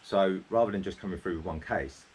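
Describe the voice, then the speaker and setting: A man with a very deep, low voice tells funny stories in a casual chat, laughing along as he goes. He talks like a former holiday rep looking back on his work. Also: brisk, a little mellow, a little hiss or hum. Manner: laughing anecdotal storyteller.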